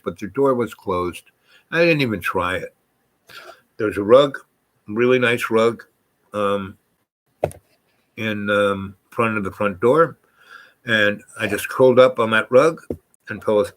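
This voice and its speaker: A man's voice: lowish voice, fairly bright tone, poor audio. A man from New York telling a personal story in a casual, meandering way, full of asides and restarts.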